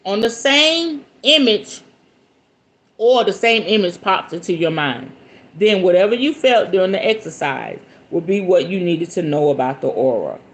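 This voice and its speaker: At normal speed and in a lowish voice, a podcast host reads from a book. Her manner is animated, and she breaks away between passages for playful remarks.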